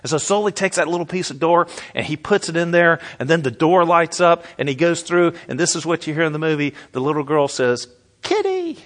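A man preaching a sermon as a pastor, conversational and folksy, slowing down to stress key words. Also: a little high, fairly bright tone. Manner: conversational, folksy, slows down for emphasis.

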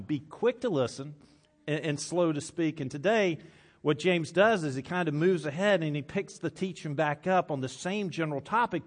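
A male pastor giving a conversational sermon to a congregation, often restarting his phrases and reading scripture aloud. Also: fairly high pitch. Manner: conversational, self-correcting, reads old scripture aloud. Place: church with congregation.

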